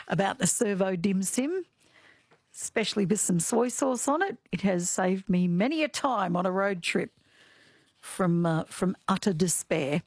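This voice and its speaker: A woman's voice: medium pitch, lively intonation, a little slow, a little mellow, no echo. An Australian woman hosting talkback radio in a playful, chatty way, reading out listener messages. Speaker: radio host. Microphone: studio microphone.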